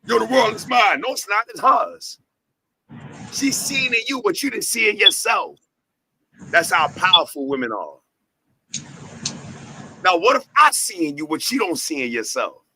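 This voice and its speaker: In a high, husky, pushed-bright voice with a sing-song lilt, the host of a company talk show speaks at a measured pace with long pauses. He runs the entertainment company and preaches in a fired-up, profane style, repeating lines and posing rhetorical questions. The recording is low quality.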